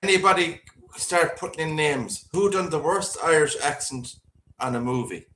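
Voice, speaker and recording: A man's voice: on the high side, normal speed, fairly bright tone. A man co-hosting a casual livestream, chatting easily and bantering about films. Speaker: co-host. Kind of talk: casual live chat. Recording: echoey room, faint noise.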